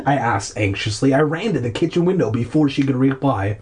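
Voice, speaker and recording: A man's voice: mid-range voice, animated, brisk, darkish tone, slight background noise. A man casually reading a children's novel aloud, irreverent and laughing at his own slips. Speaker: reader of a children's horror novel. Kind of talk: casual audiobook reading with jokey asides.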